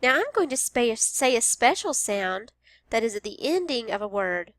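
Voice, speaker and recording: A woman teaching a phonics lesson to young children, speaking slowly and sounding out each word with care. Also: fairly high pitch, very animated, fairly bright tone, no echo. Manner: slow, careful, over-enunciated.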